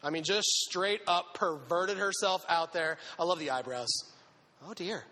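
A man preaching a sermon to young people, animated and conversational, acting out little quotes as he goes. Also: high-pitched, a little slow. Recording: long echoing hall reverb.

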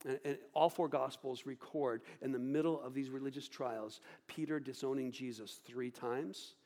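A man preaching a sermon, swinging between loud outbursts and hushed, low delivery. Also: steady tone, moderate pace. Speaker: pastor. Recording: long hall reverb.

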